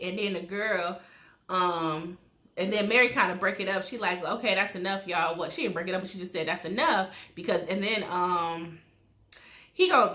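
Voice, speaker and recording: Bright-voiced woman, gossipy and profane episode recap, roomy echo. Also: mid-range voice. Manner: blunt, profane, animated storytelling with quoted asides. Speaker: TV recap vlogger.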